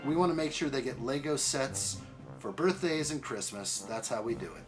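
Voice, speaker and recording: A man's voice: medium pitch, expressive, normal speed, music in the background. A man hosting a casual live stream, greeting viewers by name in an upbeat way while unboxing and building.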